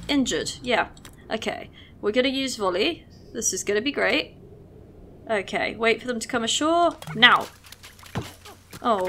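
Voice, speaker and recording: A woman giving casual gameplay commentary, chatty and excitable, talking fondly to her units as she plays. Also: on the high side, slight background noise.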